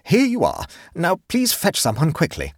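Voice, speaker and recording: In a storybook reading, a man pushes his voice up into a full character voice for a prim, flustered middle-aged lady, fairly high with wildly swooping pitch at a moderate pace. She sounds reluctant and stiff, growing more and more exasperated, and the recording is dry, clean studio sound.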